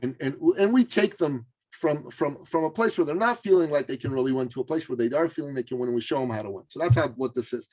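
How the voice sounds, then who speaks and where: Animated man telling a story, many fillers. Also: mid-range voice, quick pace, few pauses. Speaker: interview guest. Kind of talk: casual storytelling in an interview.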